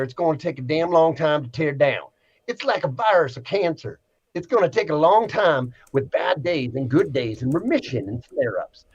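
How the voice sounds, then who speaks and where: Man doing a preachy Southern woman commenter, Southern accent, scolding, raised pitch, bouncy delivery, dull lo-fi sound. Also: breathy edge. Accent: American Southern. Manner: scolding, lecturing.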